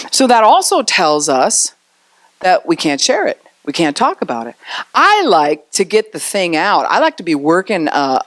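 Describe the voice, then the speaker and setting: A woman pastor preaches in a chatty, conversational way, slipping into little acted-out voices for the people she describes. Her voice sits on the lower side and swoops with plenty of animation. The sound is dry and close, with no room around it. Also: dry recording. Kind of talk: sermon.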